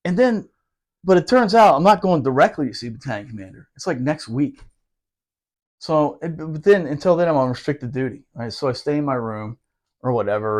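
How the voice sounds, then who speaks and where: A man with a somewhat high voice tells a long, swearing story in loose podcast chat. He rushes some asides and laughs often. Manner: profane, animated, laughing, fast asides. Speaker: podcast guest telling a story. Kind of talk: casual storytelling.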